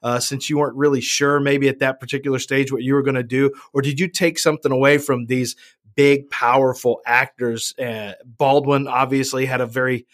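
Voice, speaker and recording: A man's voice: medium pitch, fairly even intonation, fairly quick, fairly bright tone. A man interviewing a guest in a casual chat, asking long, winding questions. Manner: conversational, asks rambling questions.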